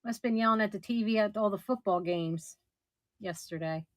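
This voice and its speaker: A middle-aged woman running a casual live auction, chatty and somewhat hoarse as she loses her voice. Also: medium pitch, a little fast, no room sound. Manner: chatty, describes items warmly with soft laughs. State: losing her voice. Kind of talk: casual live-stream selling.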